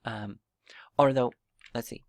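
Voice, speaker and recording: A man's voice: mid-range voice, steady tone, slow pace, gravelly, no echo. A man giving a casual step-by-step 3D modeling tutorial while thinking aloud, with fillers and restarts. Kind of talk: casual screen-recorded software tutorial.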